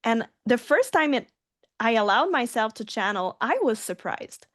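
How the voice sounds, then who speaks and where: A woman guest giving an earnest, halting personal testimony in an interview. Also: fairly high pitch, sing-song, a bit bright, dry recording, studio quality.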